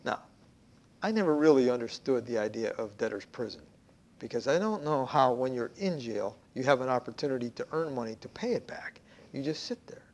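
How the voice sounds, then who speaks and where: A man preaching a sermon, telling a parable conversationally with hushed asides. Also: medium pitch, lively intonation, fairly quick. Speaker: pastor.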